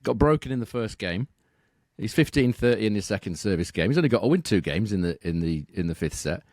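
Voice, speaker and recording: A man with a lowish voice talks tennis betting on a podcast. He is steady and measured, reels off statistics, and tacks questions onto the ends of his sentences. The recording is dry and close, with no room sound. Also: no room sound. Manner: measured, reels off stats, asks tag questions. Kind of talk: casual podcast analysis.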